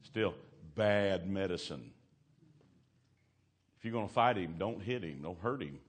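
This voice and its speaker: A man preaches in church, in a very deep, low voice. He tells folksy stories, laughs between lines and drops from loud calls to near hushed talk. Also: expressive, a little slow. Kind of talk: sermon with storytelling.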